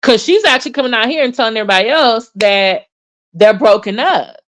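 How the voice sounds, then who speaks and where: A woman with a slightly high voice gives casual commentary on online drama. Her delivery is sassy and animated, and she often slips into quoted lines. She sighs in disbelief between her points. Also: brisk. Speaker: YouTube commentator.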